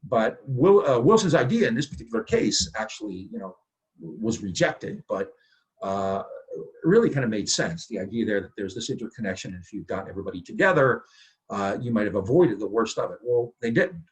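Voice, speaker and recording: A man's voice: fairly low pitch, very animated, fairly quick, slightly rough, poor audio. A male history professor giving a university lecture in a conversational way, checking in with the class with rhetorical questions and frequent "right?", with fillers and restarts. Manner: restarts and "uh" fillers, loud bursts on key points.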